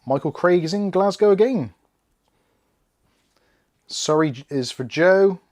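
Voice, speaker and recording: A man's voice: high voice, expressive, unhurried, darkish tone. A man hosting a live PC build stream, chatting casually and reading out viewer comments while he works. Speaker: tech channel host.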